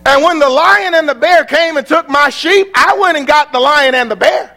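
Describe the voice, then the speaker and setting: A man voicing the young shepherd David as a brash, excited fighter, with an American accent. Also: sits high, normal speed, faint music behind, heavily acted. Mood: cocky. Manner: loud, brash, excited trash talk.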